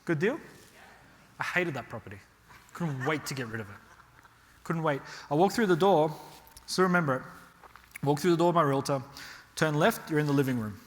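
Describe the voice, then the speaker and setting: A man's voice: on the high side, normal speed, pauses often, slight background noise. A man from Australia giving a real estate workshop to a live audience, telling stories and checking in with "right?". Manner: animated storytelling with frequent rhetorical "right?". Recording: hall reverb.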